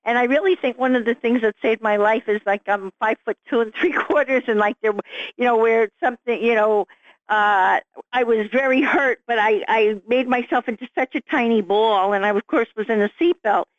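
A woman's voice: fairly high pitch, moderate pace, no echo. Woman, middle-aged, vivid storyteller, dry close sound, muffled lo-fi. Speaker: author guest. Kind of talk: storytelling interview.

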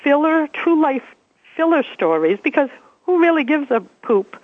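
Woman, 50s, from Massachusetts; lively guest storyteller, laughs often; phone-thin dry line. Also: high-pitched, moderate pace, dry recording. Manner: chatty, animated, laughs while telling stories. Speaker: interview guest. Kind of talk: casual storytelling. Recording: dry, tinny phone-like radio sound.

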